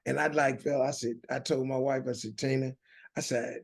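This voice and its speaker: This gravelly, medium-pitched voice belongs to a middle-aged Southern man from the United States, appearing on an interview show. He speaks at a normal pace with fairly even intonation, recounting his story earnestly in a conversational way and frequently starting over.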